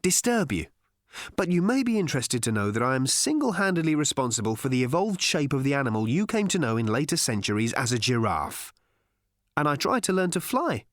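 A man's voice: mid-range voice, very animated, dry recording, studio quality, close to an everyday voice. A man voicing Ford Prefect, airy and breezy. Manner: airy, cheerfully infuriating, quick. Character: breezy, eccentric male alien wanderer. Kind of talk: audiobook character voice.

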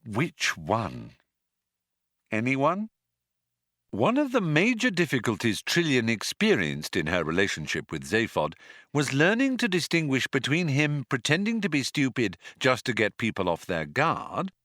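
A man's voice: mid-range voice, wildly swooping pitch, normal speed, a bit bright, no room sound. A man narrating an audiobook in a dry, wry storytelling manner, close on a studio mic.

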